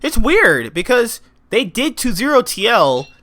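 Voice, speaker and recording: A young man co-hosting a podcast, giving animated, teasing opinions in casual esports chat. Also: very high voice, unhurried. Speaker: podcast co-host.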